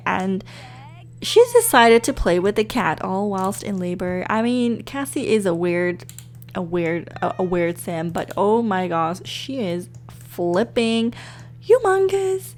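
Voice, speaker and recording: A young woman giving casual, excitable let's-play commentary with lots of fillers, talking into a desk microphone. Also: mid-range voice. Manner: chatty, excitable, many fillers. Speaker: gaming YouTuber.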